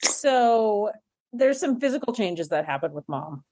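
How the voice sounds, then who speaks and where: A woman's voice: medium pitch, sing-song, a little mellow. A woman co-hosting a podcast, chatting casually and gushing about a TV episode. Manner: effusive, gushing, quick to laugh along. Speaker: podcast co-host. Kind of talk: casual chat recapping a TV episode.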